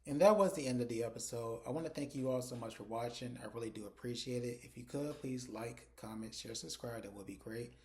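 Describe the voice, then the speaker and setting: A man's voice: mid-range voice, fairly quick, few pauses, a little hiss or hum. Man in a chatty TV-recap voice. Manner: chatty retelling with frequent quoted dialogue. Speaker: TV episode reviewer. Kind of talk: casual recap of a TV episode.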